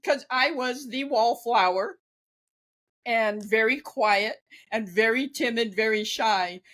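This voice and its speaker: A woman in her fifties speaks in an unhurried, measured way, her voice sitting a little high. She talks as a guest in a conversational interview, candid and chatty, with easy laughter. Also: a bit bright. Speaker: guest, author and former ghostwriter.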